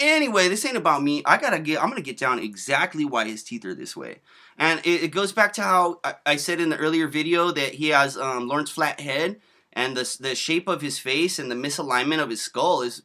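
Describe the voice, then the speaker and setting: A man's voice: a little high, pushed and bright. A man in his thirties giving casual, rambling video commentary, slangy and profane, full of fillers. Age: 30s.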